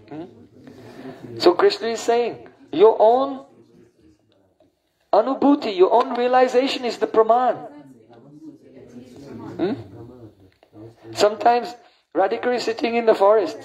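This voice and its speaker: A man giving a spiritual lecture on scripture. He chants verses slowly and often pauses to ask his listeners "hmm?". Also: high-pitched, mellow, low-quality recording. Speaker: spiritual teacher.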